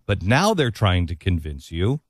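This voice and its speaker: A male talk-show host giving commentary in an animated, emphatic, incredulous way. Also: sits low, a little slow, no room sound, studio quality. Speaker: radio host.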